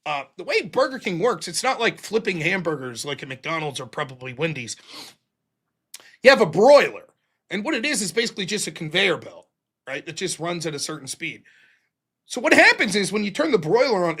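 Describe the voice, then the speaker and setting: A man hosting a livestream, telling stories in a casual, profane, animated way. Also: sits high, husky. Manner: profane, animated, yelling in retold quotes. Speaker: livestream host. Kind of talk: casual storytelling.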